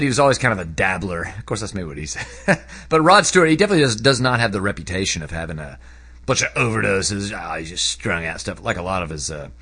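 A man talking casually about a book he read, rambling with lots of fillers, his voice jumping up when he gets excited. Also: on the low side. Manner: animated, voice jumps up when excited. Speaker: book reviewer. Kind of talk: casual spoken book review.

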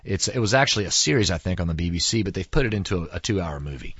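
A man's voice: low-pitched, expressive, very fast, a bit bright, slightly rough, no echo, highs cut off. A man from Texas hosting his podcast in a rambling, chatty way, recorded in a studio. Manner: chatty and rambling, many fillers. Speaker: podcast host. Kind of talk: casual podcast monologue.

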